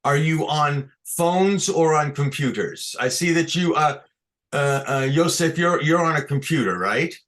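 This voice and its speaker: A man's voice: on the high side, expressive, a little slow, fairly bright tone. A man teaching a class on chanting scripture over a video call, explaining patiently step by step and often checking that his students follow. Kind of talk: online lesson on chanting scripture. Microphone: computer mic on a video call.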